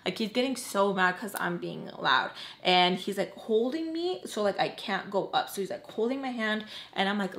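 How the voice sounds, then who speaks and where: Young woman, twenties, casual storytime vlogger, chatty and animated, mid-pitched, leans on "like" and acts out each quote. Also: normal speed, few pauses.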